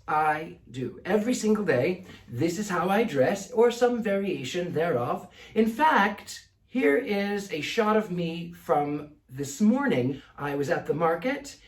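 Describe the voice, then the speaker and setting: Brief: male host, Mid-Atlantic accent, theatrical precise delivery, higher voice, roomy echo. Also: far from the mic. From United States. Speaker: psychic answering viewer questions. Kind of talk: casual Q&A monologue.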